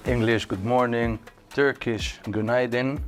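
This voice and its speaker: A man's voice: mid-range voice, steady tone, measured pace, soft background music. A young man and singer chatting playfully while tasting breakfasts, laughing often and joking around. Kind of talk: casual food-tasting chat.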